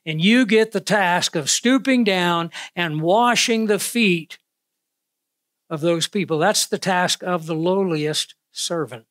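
A man preaching a sermon in an earnest way, slowing down to stress key words, speaking into a clip-on microphone. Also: sits high, a bit bright, dry recording, studio quality. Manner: earnest, with slow emphatic pauses on key words. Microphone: wearing a clip-on microphone.

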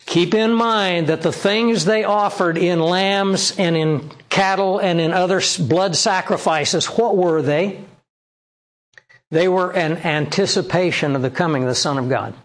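A male pastor delivers a sermon in a high voice at a measured pace. He reads scripture aloud, explains it, and presses the congregation with rhetorical questions.

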